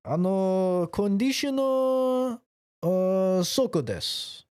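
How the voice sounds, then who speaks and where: A bewildered male shop clerk with a Japanese accent, as a man puts him on yelps each word back in a squeaky voice. The pitch shoots up high and swoops wildly, sounding confused and excitable. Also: slow pace, clear, resonant tone, dry recording, clean studio sound, heavily acted. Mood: baffled. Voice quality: squeaky, exclamatory.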